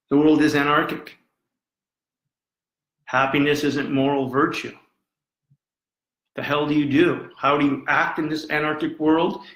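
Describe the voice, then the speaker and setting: A man's voice: a little high, fairly bright tone. A man giving an impassioned live lecture, dramatic and emphatic, repeating phrases for effect. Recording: roomy echo.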